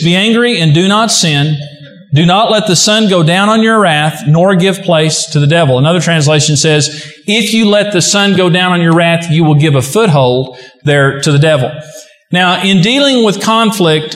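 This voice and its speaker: A man's voice: sits high, moderate pace, a bit bright. A man preaching a sermon as a pastor, telling folksy stories with humor. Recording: echoey hall.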